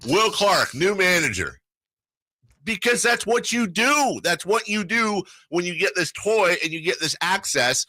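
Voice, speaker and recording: Excitable male sports radio host. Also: high voice, no echo. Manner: animated storyteller, excitable, quick asides. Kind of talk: casual sports talk banter. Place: radio studio.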